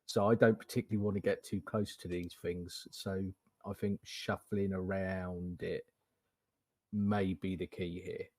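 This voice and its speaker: Husky low-voiced man playing a tabletop game. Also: flat delivery, a little slow, a little mellow, dry recording. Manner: hesitant, repeats words, laughs while talking. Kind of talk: casual tabletop role-play chat.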